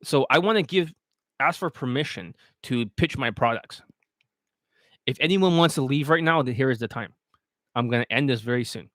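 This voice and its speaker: A man's voice: mid-range voice, moderate pace, fairly bright tone, no echo, clean studio sound. Blunt, profane male dating coach. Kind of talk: casual livestream talk and sales pitch.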